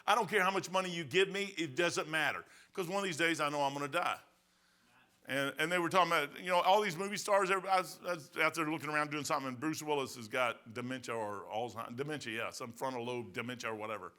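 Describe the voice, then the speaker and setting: A man in his sixties preaches with a bright, forceful voice that sits a little high for a man. He moves between emphatic points and folksy storytelling, peppered with quick asides. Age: 60s. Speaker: pastor. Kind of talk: sermon.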